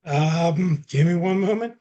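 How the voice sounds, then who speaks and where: Hesitant man student, slightly high voice. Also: a little slow, dark tone, muffled recording. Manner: hesitant, self-deprecating. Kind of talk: online class participation.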